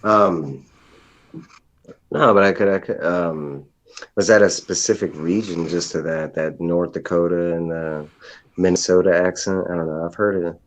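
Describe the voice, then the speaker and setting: A man from the East Coast chatting in a relaxed, drawling way. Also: low voice, unhurried. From near New York State, East Coast. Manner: relaxed, drawling, says y'all. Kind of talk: casual chat. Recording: dull lo-fi remote audio.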